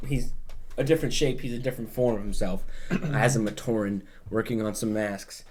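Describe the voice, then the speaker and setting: A male podcast host with a middle-pitched voice, talking loosely and rambling as he recaps. He keeps filling gaps with filler words, drops in swear words, and corrects himself as he goes. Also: a little mellow, slight background noise. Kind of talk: casual chat.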